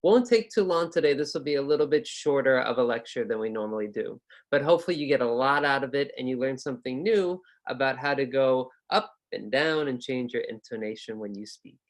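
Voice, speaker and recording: Upbeat American male teacher in his 30s, chatty and casual, mid-pitched. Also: lively intonation, a little fast, hardly any pauses. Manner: upbeat, chatty, with fillers and restarts. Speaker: ESL and test-prep teacher. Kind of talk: casual online lecture.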